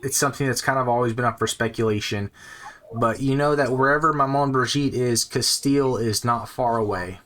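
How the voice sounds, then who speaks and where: A man running a tabletop game as game master, narrating scenes in slow, descriptive, pausing speech. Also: medium pitch, a bit bright, soft background music. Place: home streaming setup.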